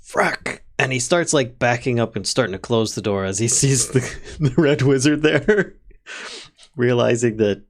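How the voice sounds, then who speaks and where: A man casually playing a tabletop game, easygoing and quick to laugh. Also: medium pitch.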